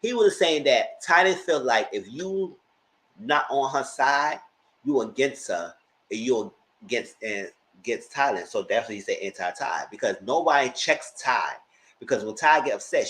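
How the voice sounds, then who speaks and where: A man giving a casual, animated recap of a reality show, slipping into mock voices as he retells scenes. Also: mid-range voice, moderate pace, low-quality recording.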